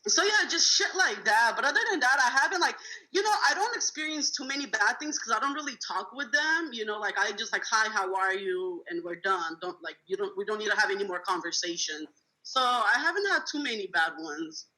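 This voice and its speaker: A woman's voice: medium pitch, lively intonation, a little fast, sharp tone, rough recording. A woman in her twenties, a rideshare driver from California, telling blunt, profane stories in a casual roundtable chat. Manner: blunt, swears freely, acts out passengers with laughs.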